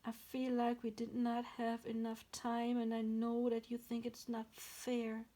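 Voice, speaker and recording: Woman channeling a gentle departed spouse's spirit: soft, consoling, slow and level, sitting a bit high. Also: completely flat delivery, natural voice. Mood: tender. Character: tender departed spouse spirit, loving and sorry.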